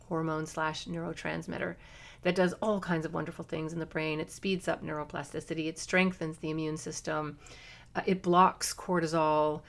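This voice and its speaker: A middle-aged woman hosting a parenting podcast, talking earnestly and coaching listeners with quick asides. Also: on the low side, vocal fry. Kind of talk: solo podcast talk.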